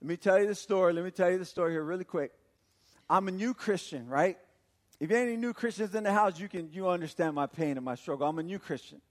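A middle-aged man from Texas, a pastor preaching a sermon and telling a personal story in an animated way. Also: high-pitched, fast talker. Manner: animated storytelling, acts out quotes with laughter.

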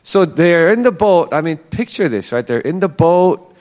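A man with a fairly high voice leads a relaxed Bible teaching. His pitch rises and falls a great deal as he talks it through. He keeps it chatty and acts out the quoted lines. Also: moderate pace.

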